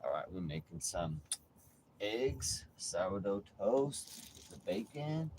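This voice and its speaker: A man with a fairly low voice talks casually as he cooks in an RV, rambling and cracking offhand jokes. A steady noise hums clearly behind him throughout. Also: slow. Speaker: vlogger. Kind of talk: casual cooking vlog chat. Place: RV kitchen. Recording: noisy background hum.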